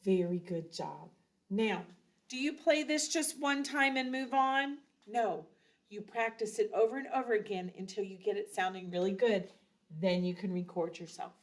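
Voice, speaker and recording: A woman's voice: mid-range voice, moderate pace. A woman teaching a children's recorder lesson, patiently explaining and chanting rhythms aloud. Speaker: music teacher.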